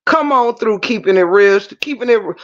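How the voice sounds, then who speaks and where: A man hosting a livestream, talking casually and in an animated, preachy way straight to his viewers. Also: high-pitched, moderate pace. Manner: animated preachy talk, addresses viewers directly. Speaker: livestream host. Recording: muffled lo-fi stream audio.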